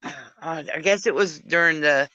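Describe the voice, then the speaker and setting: A woman's voice: deep voice, a little slow, bright, forceful tone, no room sound, lo-fi sound. A drunk woman hosting a casual live chat, rambling, affectionate and crude as she calls on her friends. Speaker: live stream host.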